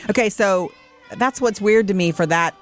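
A woman's voice: mid-range voice, moderate pace. A middle-aged woman co-hosts a morning radio show with a chatty, digressive way of talking. She laughs easily and wanders through her stories. Faint music plays under her voice. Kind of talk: casual show banter.

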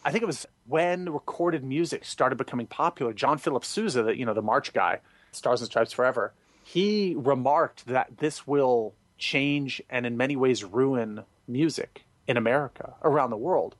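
A man being interviewed, telling stories expressively and acting out quoted voices, with sudden high jumps for emphasis. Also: normal speed, no room sound. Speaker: guest, singer and former music director. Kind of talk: animated interview storytelling.

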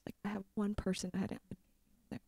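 A woman in her thirties co-hosts a casual podcast, teasing her co-host and pushing back on his story. Her voice sits a little high. The sound is dry and close. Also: big pitch swings, moderate pace, dry recording. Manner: teasing, playfully challenging. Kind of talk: casual chat.

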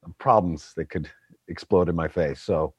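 A man's voice: deep voice, moderate pace, breathy edge, dry recording. A man talking as a voice actor guest in casual chat, self-deprecating and laughing often.

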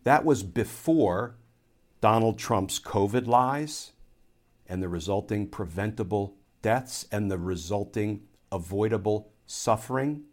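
A man with a somewhat low voice delivers a political commentary monologue. He builds his argument point by point in the measured, explanatory manner of a former courtroom lawyer. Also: a little mellow.

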